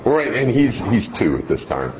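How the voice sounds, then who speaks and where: Deep-voiced man telling a rambling family story. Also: sing-song, normal speed. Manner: folksy, rambling, chuckles as he tells it. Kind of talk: casual storytelling. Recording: dull lo-fi recording with faint background hiss.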